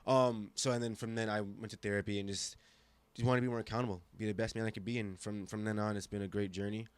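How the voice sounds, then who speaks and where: A man's voice: lowish voice, fast talker, smooth, no echo. Young man telling an emphatic story. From Germany. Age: 20s. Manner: animated, emphatic, acts out quoted voices, frequent restarts. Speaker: podcast guest. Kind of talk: casual storytelling conversation.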